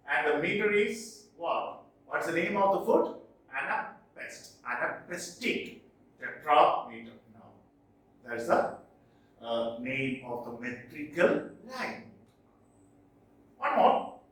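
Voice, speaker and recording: A male teacher lectures at a very slow, careful pace, his pitch sitting a little high and swinging widely as he chants lines of verse. The sound is echoey and picked up from some distance away in the room. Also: animated, pushed and bright. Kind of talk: classroom lecture on poetic meter.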